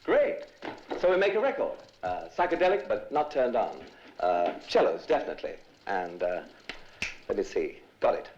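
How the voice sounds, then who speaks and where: An actor playing a glib, hustling pop music manager who talks in trendy slang, in a 1960s film. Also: male voice, on the low side, sing-song, moderate pace, a little mellow. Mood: scheming. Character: slick fast-talking male pop music manager. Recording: muffled old film soundtrack.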